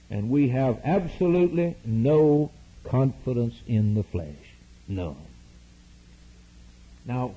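A man's voice: medium pitch, dark tone, slightly rough, low-quality recording. A man preaching a sermon in an emphatic, repetitive cadence, heard as a radio broadcast.

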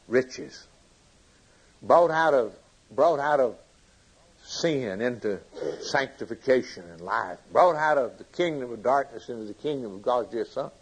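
A man preaching a sermon with fervent delivery, swinging from loud emphasis to hushed lines. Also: medium pitch, slightly rough, low-quality recording.

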